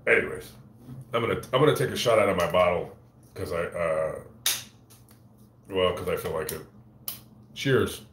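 A man hosting his own livestream, chatting casually and profanely with many halting restarts, on a phone mic. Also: sits low, a bit bright, slight background noise. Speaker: channel host on a livestream. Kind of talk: casual rambling livestream chat. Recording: echoey room.

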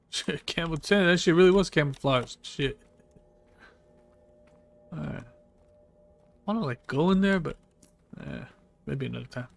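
A man's voice: a little high, unhurried, gravelly, long pauses. A male streamer giving loose, profane gameplay commentary, chuckling to himself as he plays. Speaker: gaming streamer.

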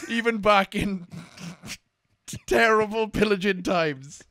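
A man's voice: high-pitched, slow pace, fairly bright tone, dry recording. A man bantering while gaming, dry and teasing. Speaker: let's play co-host.

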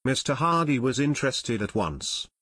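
Male audiobook narrator, steady, mid-pitched, dry close studio sound. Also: moderate pace, slightly rough, no echo. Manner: steady storytelling. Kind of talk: scripted narration.

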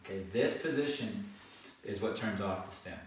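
Low-voiced dog trainer explaining from afar. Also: male voice, normal speed. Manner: calm explanation broken by high-pitched praise to the dog. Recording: distant echoey mic with faint noise.

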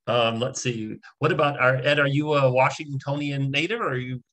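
A man hosting an online talk, moderating the questions in a casual, relaxed way over a video call. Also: medium pitch, normal speed. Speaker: event host and moderator.

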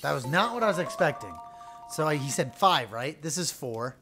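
An excitable host narrating a video game in casual, sarcastic commentary, swearing freely. The voice swings widely in pitch, jumping from muttered grumbles to loud yelps. Faint music runs underneath. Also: moderate pace. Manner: loud sudden outbursts. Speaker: let's-play host.

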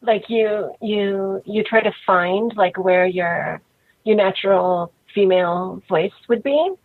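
Husky woman on a tinny phone line. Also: medium pitch, takes it slowly. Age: 30s. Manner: frank, relaxed, many "like" fillers. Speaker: interview guest. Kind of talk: casual interview talk.

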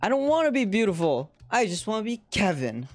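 A game streamer voicing a young immigrant boy with an excited, pleading manner. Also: mid-range voice, a little fast, faint music behind, voice pushed up. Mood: sulky.

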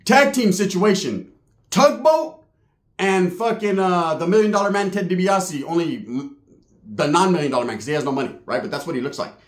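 A man's voice: high-pitched, normal speed, echoey room. A man doing stand-up, telling a profane, slang-filled story and acting out the quotes. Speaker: stand-up comedian.

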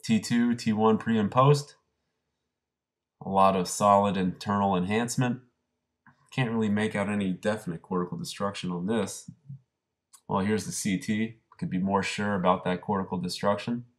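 A man presenting a radiology case, talking through scan findings in a brisk, conversational way. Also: on the low side, steady tone. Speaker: radiology lecturer. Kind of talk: case review lecture.

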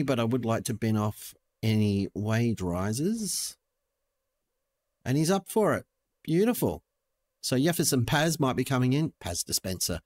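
A young man giving playful, joking let's-play commentary as a gaming channel host. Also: medium pitch. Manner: playful, jokey, talks to the screen.

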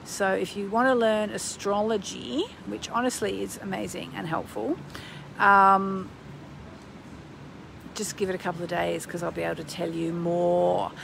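Woman, astrologer, casual live-stream chat, rambling, gushing, gravelly fry, phone mic. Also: medium pitch, level tone, a little slow, a bit bright, a little hiss or hum, poor audio. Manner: chatty and rambling, with many ums; bursts of gushing enthusiasm.

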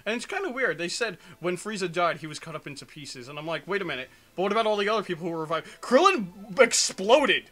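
A man's voice: high-pitched, expressive, quick pace, hardly any pauses, bright, forceful tone. A young man co-hosting a let's play, rambling sarcastically and making crude jokes in casual gameplay commentary.

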